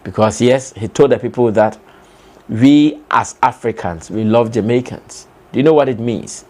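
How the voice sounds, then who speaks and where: Man, Ghanaian accent, young adult, emphatic commentary, rhetorical questions, mid-pitched voice. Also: normal speed, darkish tone. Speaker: entertainment commentator. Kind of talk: animated opinion commentary.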